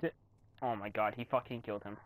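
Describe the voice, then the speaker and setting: A young man giving casual commentary while playing a video game, swearing and yelling in frustration. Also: fairly low pitch, steady tone, fast talker, a little hiss or hum. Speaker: gamer commentator.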